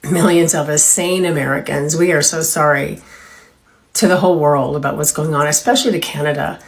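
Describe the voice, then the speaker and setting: A woman's voice: low-pitched, steady tone, brisk. A woman from California speaking in a heated, apologetic monologue about politics. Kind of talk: vlog-style monologue.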